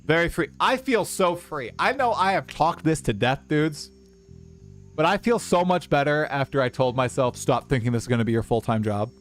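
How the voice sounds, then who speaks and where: Animated young man streaming. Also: on the high side, normal speed, faint music behind. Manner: animated, rambling, talks to chat. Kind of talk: casual livestream chat.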